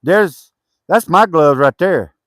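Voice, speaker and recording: A man's voice: on the high side, animated, slow, no room sound, studio quality. A man working on his homestead cabin, chatting casually, laughing easily and calling to his dogs. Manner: easygoing, laughs often, calls to dogs. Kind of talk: casual chat while working.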